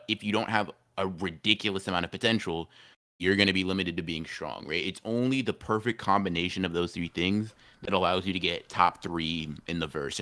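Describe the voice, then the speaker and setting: A man's voice: low-pitched, sharp tone. A man co-hosting a casual anime podcast stream, rambling, slangy and repeating himself as he argues his take. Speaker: podcast co-host.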